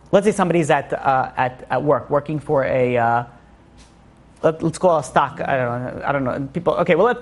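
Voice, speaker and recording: A man, a rabbi, giving a rambling Torah lecture full of restarts and fillers. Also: fairly high pitch. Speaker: rabbi teaching a class.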